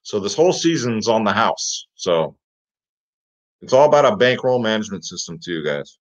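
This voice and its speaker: A man with a lowish voice and big pitch swings talks at a moderate pace, hosting a fantasy sports picks show. Energetic and casual, he keeps repeating "guys" and "get him in there" over slightly muffled, dull lo-fi sound.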